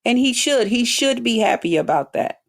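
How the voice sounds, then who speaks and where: A woman on a livestream unloads a profane, blunt rant to her chat, sprinkled with mocking drawled quotes. Her voice is on the high side, expressive and creaky, at a normal speed.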